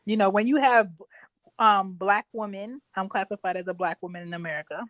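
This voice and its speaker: A woman's voice: medium pitch, brisk, fairly bright tone, dry recording, dull audio. A woman hosting a casual podcast chat, talking emphatically and telling stories. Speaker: podcast host.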